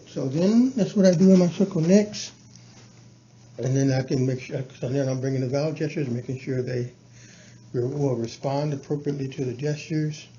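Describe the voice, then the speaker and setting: A man explaining his teaching plans to a colleague in a halting, casual way, full of fillers and restarts. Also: mellow. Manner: halting, many restarts and fillers, breaks into chanted syllables and sung verses. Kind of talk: casual explanatory talk on lesson planning. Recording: dull low-fi with faint background noise.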